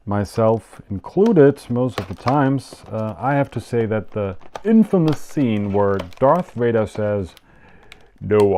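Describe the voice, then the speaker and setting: German-accented host, low voice, unhurried rambling unboxing chat, faint background noise. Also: male voice, a little mellow. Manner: rambling, self-mocking, many fillers. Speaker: yo-yo show host.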